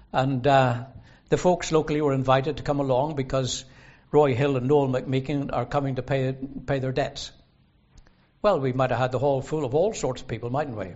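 A man preaching a sermon in a gospel hall, earnest and emphatic, slowing down to stress the scripture he quotes. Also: mid-range voice. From Northern Ireland. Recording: dull lo-fi sermon recording.

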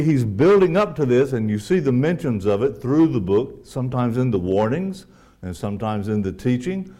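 A man preaching a sermon, earnest, climbing to emphatic peaks and then dropping quiet, reading scripture in a measured cadence. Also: mid-range voice.

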